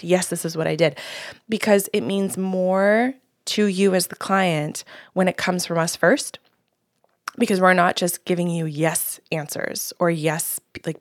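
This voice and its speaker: A woman medium explains to clients how to get the most from a reading, in a low, gravelly voice full of vocal fry. She talks casually and adds little tags like "right?", and the recording is close and dry. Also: dry recording. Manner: explains with asides and rhetorical tags. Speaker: psychic medium. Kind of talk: casual advice chat.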